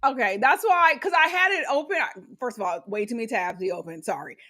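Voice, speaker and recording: Bright-voiced woman reading gossip headlines. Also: on the high side, expressive, fast talker. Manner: reads headlines and comments, laughs a lot, swears freely. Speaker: podcast co-host. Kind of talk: casual gossip chat.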